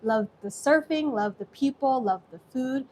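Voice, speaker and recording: A woman's voice: high-pitched, measured pace, a little mellow, slight background noise. A young woman with an American accent hosting a live cooking stream from her kitchen, chatty and effusive as she thanks viewers by name. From Singapore. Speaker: host.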